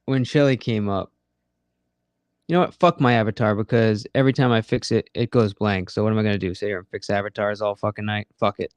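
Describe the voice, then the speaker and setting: A man's voice: fairly low pitch, fairly even intonation, brisk, smooth, no room sound. A man hosting a live late-night audio chat room, rambling and swearing freely as he talks straight to his listeners. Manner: profane, rambling and conversational.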